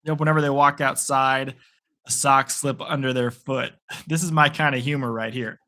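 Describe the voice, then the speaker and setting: A man's voice: medium pitch, steady tone, moderate pace, bright, forceful tone. A man hosting a live play-by-play reaction stream, playful and rambling between calls. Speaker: sports stream host.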